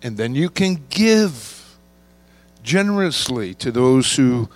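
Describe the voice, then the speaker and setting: A male pastor delivers a sermon in an unhurried, deliberate way, drawing out key words for weight. His voice sits at an ordinary pitch and sounds dry and close, with a faint electrical hum running underneath. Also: sing-song, no room sound. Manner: measured preaching, slowing to stress key words.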